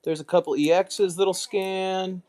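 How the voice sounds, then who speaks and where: A relaxed man hosting a casual live stream, mostly murmuring to himself as he works. Now and then he lifts his voice for a quick, joking aside to the viewers in chat. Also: sits high.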